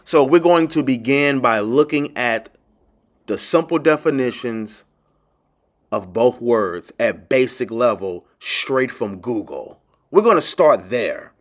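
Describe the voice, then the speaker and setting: A man's voice: medium pitch, expressive, slow pace. A man hosting a lecture-style video lesson, emphatic and insistent, repeating key phrases and speaking straight to his viewers. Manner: addresses viewers directly as ladies and gentlemen. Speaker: teacher and channel host.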